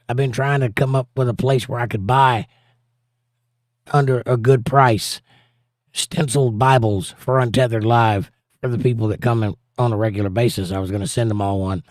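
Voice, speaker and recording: A man's voice: medium pitch, a little mellow, no echo, clean studio sound. A man hosting a livestream in a casual chat, reading out viewer comments with a jokey, chatty manner.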